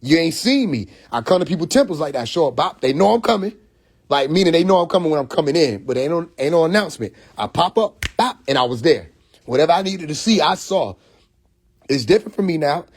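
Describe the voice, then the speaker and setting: A man's voice: on the high side, fast talker, breathy edge. Fired-up man ranting on a livestream. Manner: animated storytelling with repeated restarts and acted quotes; profane, confrontational. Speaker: livestream host. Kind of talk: casual livestream monologue. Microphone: phone mic.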